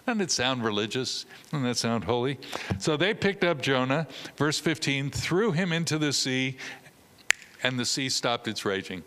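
A man's voice: medium pitch, expressive, normal speed, a bit bright, clean tone, in a large hall. A man preaching a sermon, telling a story with humor and acting out the characters' voices.

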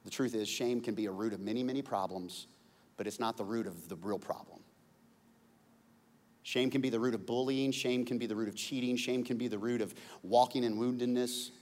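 Pastor preaching in an echoey hall. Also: male voice, medium pitch, a little fast. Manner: conversational, repeats words when searching, jokes and laughs, climbs to shouting. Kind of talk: sermon. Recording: long hall reverb.

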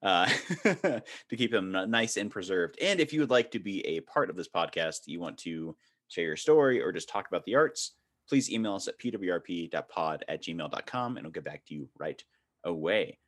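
A man's voice: low-pitched, animated, moderate pace, fairly bright tone. A man hosting a podcast, chatting casually with frequent laughs and fillers. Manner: laughs often, rambling with fillers. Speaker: podcast host.

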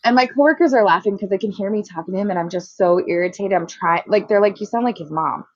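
A woman's voice: quick pace, no echo, muffled recording. Exasperated young woman telling a story. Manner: exasperated storytelling, acting out quotes with big pitch jumps. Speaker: co-host. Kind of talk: casual chat.

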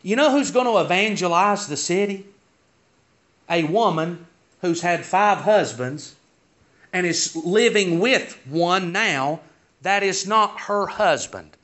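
A man's voice: high-pitched, pushed and bright, dull audio. A man preaching a sermon in a folksy style, asking the congregation pointed rhetorical questions. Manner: folksy, rhetorical questions, rising to emphatic peaks.

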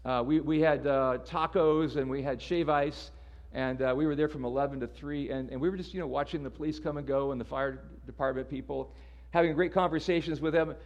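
A man's voice: a little high, steady tone, a little fast, dull audio. A man preaching a sermon in a casual, conversational way, often repeating words as he restarts. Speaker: pastor.

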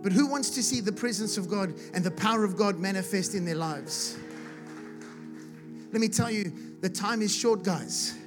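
High-voiced impassioned male preacher. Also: moderate pace. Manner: impassioned, builds to shouting, repeats "he said". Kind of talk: sermon. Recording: music playing behind the voice.

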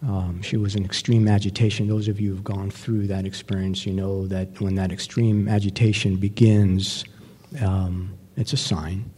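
Man, personal testimony, reflective, halting fillers, dark mellow tone, long hall reverb. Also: low voice, flat delivery, breathy edge. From New York. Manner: slow, reflective, pausing often with fillers. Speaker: speaker sharing his recovery story.

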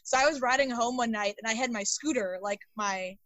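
A young woman co-hosting a podcast, telling stories in an animated, casual way with frequent laughs and fillers. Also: on the high side, brisk, dry recording, low-quality recording. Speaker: podcast co-host. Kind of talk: casual storytelling chat.

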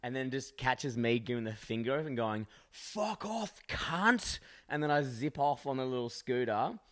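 A brash young man in a loose podcast chat, loud and rowdy, swearing freely and laughing through his own stories. His voice sits mid-pitch and sounds close and dry, with no room around it. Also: steady tone, normal speed, smooth, no room sound. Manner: crude, loud, jokey storytelling with lots of swearing. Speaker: podcast co-host. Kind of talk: casual chat.

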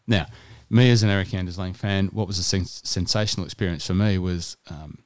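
An Australian man with a low voice co-hosts a podcast, speaking briskly with no room sound. He tells stories in a chatty, casual way and frequently restarts his sentences.

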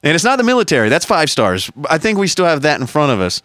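Male podcast co-host, slightly high smooth voice, heated profane rant, dry close sound. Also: wildly swooping pitch, fast talker, a bit bright, dry recording.

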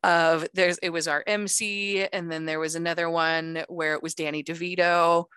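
A woman telling a funny story in a relaxed, rambling way during a casual podcast chat. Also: fairly low pitch, normal speed, smooth, no room sound, clean studio sound. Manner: relaxed anecdotal storytelling with fillers.

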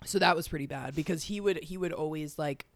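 Young woman host, low voice, dry close sound, chatty w lots of likes. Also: moderate pace, dry recording. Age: young adult. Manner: chatty, filler-heavy, laughs often. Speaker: podcast host. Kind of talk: casual chat.

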